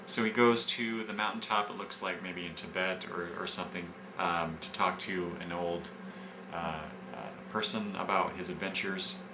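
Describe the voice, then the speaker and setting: Brief: casual, halting comic reviewer, man, lowish voice, echoey room. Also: fairly even intonation. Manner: halting, with many fillers and restarts while summarizing. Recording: echoey room with background noise.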